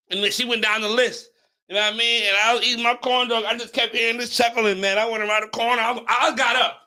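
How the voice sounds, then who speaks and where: A man's voice: very high voice, fairly even intonation, quick pace, pushed and bright. A man hosting a podcast, telling a long story in a casual, rambling way, swearing a lot and tripping over his words. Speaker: podcast host.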